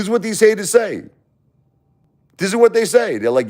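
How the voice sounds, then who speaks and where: A man's voice: high voice, normal speed, long pauses. A man hosting a live stream, ranting in a casual, indignant way and often restarting his sentences. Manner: animated, indignant, rambling with restarts. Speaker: livestream host.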